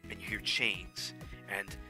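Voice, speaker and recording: A man's voice: fairly low pitch, moderate pace, music in the background. A man casually explaining how he made his fan audio drama, rambling with many fillers and restarts. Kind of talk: casual behind-the-scenes talk.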